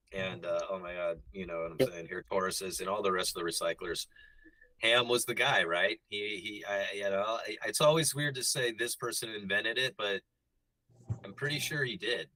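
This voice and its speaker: Male guest, deep voice with a bright edge, rambling and reminiscing. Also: no room sound, low-quality recording. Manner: rambling and reminiscing, with many restarts. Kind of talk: casual chat.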